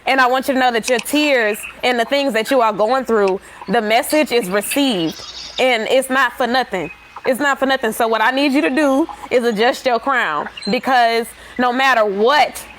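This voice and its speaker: A woman's voice: fairly high pitch, a bit bright, slight background noise. A woman calling into a livestream who speaks with affection, informally and encouragingly. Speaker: livestream caller. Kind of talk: casual heartfelt talk.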